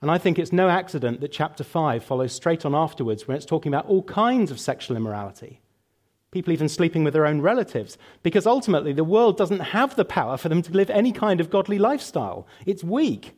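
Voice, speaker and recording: A man's voice: fairly high pitch, sing-song, fast talker, darkish tone. A man preaching a sermon and leading a prayer, emphatic and building through lists, later answering questions with some fillers.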